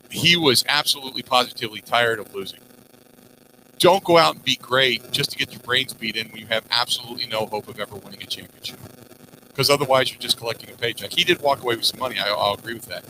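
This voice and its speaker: A man hosting sports talk radio, animated, rambling through listener messages and asides. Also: mid-range voice, a little fast, slight background noise, rough recording. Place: outdoors at a golf course.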